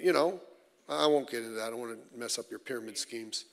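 A middle-aged man preaching a sermon as pastor, animated and wry, with many rhetorical questions. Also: mid-range voice, fast talker, gravelly, long reverb tail. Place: church sanctuary.

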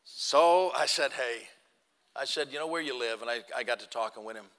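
A man's voice: medium pitch, normal speed, fairly bright tone. A man preaching, telling a folksy story and acting out both sides of the talk. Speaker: pastor. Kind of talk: sermon storytelling. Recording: long hall reverb.

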